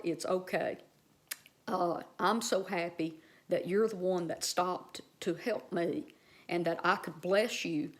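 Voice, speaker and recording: A woman vlogger earnestly telling a personal story to her viewers, with many fillers and restarts. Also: on the low side.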